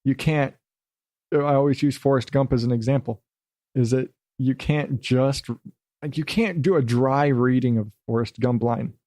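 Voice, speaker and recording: A middle-aged man rambling alone into a close podcast mic, loose and self-mocking, with a voice of ordinary middle pitch. The sound is dry, with no room around it. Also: moderate pace, warm tone, dry recording. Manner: loose, self-deprecating, slips into silly voices; swears casually. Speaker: podcast host. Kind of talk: rambling solo podcast talk.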